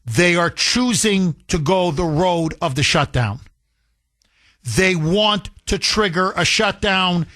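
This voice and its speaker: A male talk radio host with a high, bright, forceful voice, delivering a combative monologue. He talks at a slow, deliberate pace and repeats phrases for emphasis. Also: expressive.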